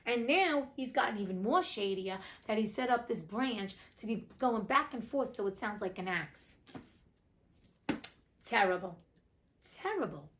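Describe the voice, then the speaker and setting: A woman's voice: fairly high pitch, lively intonation, moderate pace, few pauses, a bit bright, a little hiss or hum. Woman reading a fairy tale with blunt asides. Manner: blunt, profane, indignant asides. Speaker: audiobook reader and host.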